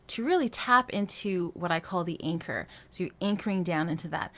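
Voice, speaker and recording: A woman's voice: fairly low pitch, a little fast, few pauses, a bit bright. A woman vocal coach giving a singing lesson, explaining technique in a casual way and breaking into short sung phrases to demonstrate. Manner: casual, thinks aloud with fillers.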